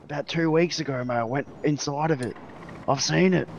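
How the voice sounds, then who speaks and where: A man's voice: on the high side, brisk, gravelly, dull audio, slight background noise. An Australian man chatting easily during game roleplay, rambling and agreeable. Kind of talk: casual in-character roleplay chat.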